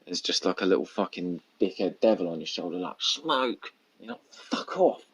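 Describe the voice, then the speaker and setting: A man's voice: sits low, fairly even intonation, fast, breathy edge. A man hosting a casual solo podcast, rambling and candid, swearing constantly. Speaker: podcast host. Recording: dull lo-fi recording.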